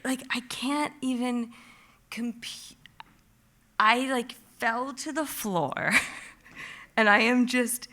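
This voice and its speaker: A woman telling a personal story on stage at a live storytelling event, animated and vivid, peppering her talk with "like" and acting out her own panic. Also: mid-range voice. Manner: animated, vivid, heavy use of "like"; acts out her own past panic in quotes.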